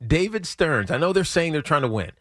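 A man's voice: on the high side, very animated, fairly quick, dry recording. A man co-hosting sports talk radio, easygoing and amused, making his points matter-of-factly.

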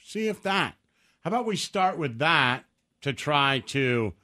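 A man's voice: a little high, very animated, measured pace, bright, forceful tone. A man co-hosting a casual podcast chat, sarcastic and blunt. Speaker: podcast co-host.

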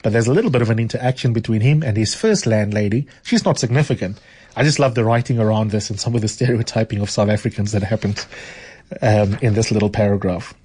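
A man's voice: on the low side, fast, a little mellow, husky. A man hosting a radio show, chatting with callers and his guest, often repeating words as he thinks aloud. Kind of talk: casual radio chat and book reading.

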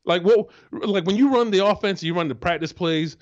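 A man's voice: high-pitched, moderate pace, dull audio. A man who once played pro football, co-hosting a casual sports talk show in an emphatic, profane way. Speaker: co-host, former football player.

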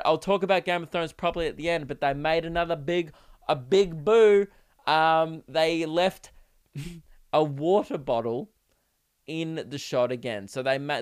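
Ranting Australian man, smooth voice. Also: fairly high pitch. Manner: ranting and sarcastic, with frequent swearing and mock outrage. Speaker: comedian podcast host. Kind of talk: solo comedy podcast monologue.

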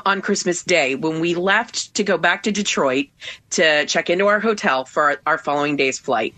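A woman on a news radio show, telling a travel ordeal in an animated, emotional way, tearful at first. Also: deep voice. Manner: emotional, animated storytelling with acted quotes. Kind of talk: on-air phone-in storytelling.

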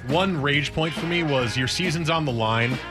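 A man's voice: a little high, moderate pace, over music. A man hosting sports radio, joking and teasing in casual banter.

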